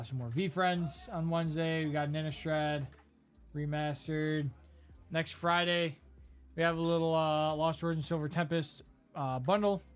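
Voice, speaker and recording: A man's voice: fairly high pitch, clear, resonant tone. A man hosting a live card-break stream, rambling through a list of items with lots of fillers. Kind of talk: casual live-stream commentary.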